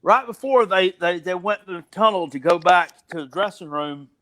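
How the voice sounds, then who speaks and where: A middle-aged man chatting casually about sports, halting with many restarts and breaking into excitable outbursts. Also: sits high.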